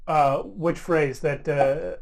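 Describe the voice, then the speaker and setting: A man's voice: fairly high pitch, steady tone, slow pace, vocal fry, a little mellow. A man running a tabletop role-playing game as game master, talking in a musing, hesitant way.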